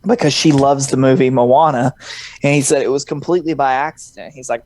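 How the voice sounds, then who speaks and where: Give me a deep-voiced woman rambling and laughing through casual podcast chat. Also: a little fast, a little mellow. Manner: rambling, laughs often, drops into jokey voices. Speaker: podcast co-host.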